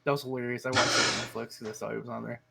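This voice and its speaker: A man co-hosting a casual podcast chat, telling animated stories and swearing freely. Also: medium pitch, rapid-fire, gravelly, husky. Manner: animated storyteller, swears a lot. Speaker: podcast co-host.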